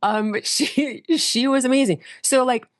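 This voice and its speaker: A middle-aged woman pastor, a guest on a podcast, telling stories in a lively way and acting out the voices of people in them. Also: sits high, unhurried, no room sound, studio quality. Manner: lively storyteller, acts out quoted voices. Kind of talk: casual storytelling interview.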